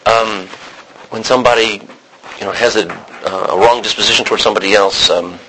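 A man teaching a Bible study class, animated and questioning his students. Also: on the low side, a little fast, a little hiss or hum, low-quality recording.

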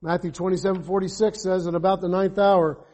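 A man preaching an evangelistic sermon, swinging from emphatic calls to quiet asides and asking his congregation rhetorical questions. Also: sits high, little pitch movement, a little fast. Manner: fervent, rises to emphatic calls then drops to quiet asides.

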